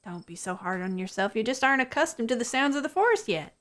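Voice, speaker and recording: A woman's voice: fairly high pitch, expressive, fast, a bit bright. A woman voicing a cheerful young hiker and cryptid hunter who talks in a chatty, reassuring way.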